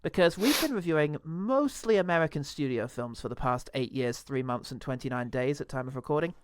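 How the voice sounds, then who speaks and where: A man's voice: mid-range voice, expressive, brisk, background noise. A man hosting a podcast, chatting in a jokey way and laughing often. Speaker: podcast host. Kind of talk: casual comedy chat.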